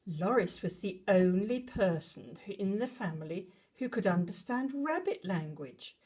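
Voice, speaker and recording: Female storyteller, breathy voice, slow and expressive bedtime reading. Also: medium pitch. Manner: expressive, dramatic gasps and animal noises. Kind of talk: bedtime story read to children.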